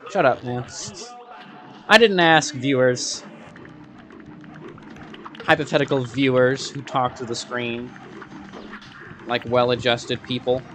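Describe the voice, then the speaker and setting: A man's voice: mid-range voice, steady tone, takes it slowly, long pauses, a bit bright, a little hiss or hum. A man giving gameplay commentary, muttering sarcastic asides to himself and breaking into frustrated outbursts. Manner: sarcastic, rambling self-talk while playing. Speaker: gaming video creator.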